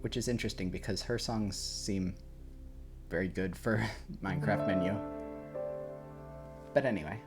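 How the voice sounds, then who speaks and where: A man's voice: low-pitched, moderate pace, pauses often. A man casually rambling and reacting while music plays at home, swearing and chuckling now and then. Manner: rambling and laid-back, swears, chuckles often. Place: at home in his room. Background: game soundtrack playing softly.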